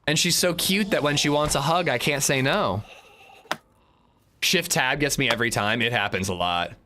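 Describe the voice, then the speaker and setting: A man's voice: mid-range voice, normal speed, background noise. A young man chatting casually while streaming a survival game, rambling with frequent restarts and fillers. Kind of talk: casual gameplay livestream chat.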